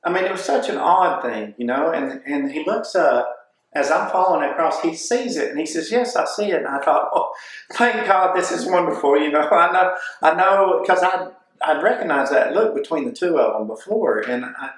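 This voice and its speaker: A man telling a personal testimony, lively and acting out the voices of others as he recounts events. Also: fairly high pitch, moderate pace. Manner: animated, acts out what people said. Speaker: testimony speaker. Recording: echoey room.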